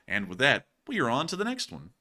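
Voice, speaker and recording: A young man in his twenties hosting a casual live stream, joking and animated as he answers viewer questions. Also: mid-range voice, brisk. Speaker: host.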